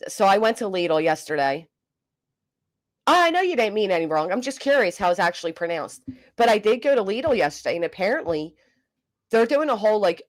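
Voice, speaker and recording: A woman, hosting a casual livestream, reading comments and joking bluntly with swearing. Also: medium pitch. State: coughing. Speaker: livestream host.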